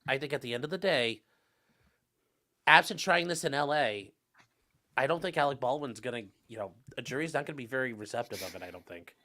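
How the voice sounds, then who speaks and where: Animated, bright-voiced man talking law. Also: medium pitch. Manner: animated, joking, quick restarts. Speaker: lawyer panelist. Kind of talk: casual panel discussion.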